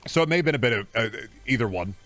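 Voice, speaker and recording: A man's voice: mid-range voice, animated, racing, a bit bright, soft background music. A young man with a Midwestern American accent, streaming a game and chatting casually with his chat in a rambling way. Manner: rambling, reading and answering chat.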